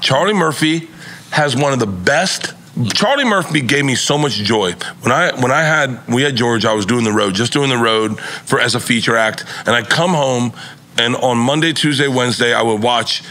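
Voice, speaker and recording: Bright-voiced man telling rambling stories. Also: medium pitch, normal speed. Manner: rambling, laughing mid-story, profane. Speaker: guest comedian. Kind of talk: casual storytelling chat.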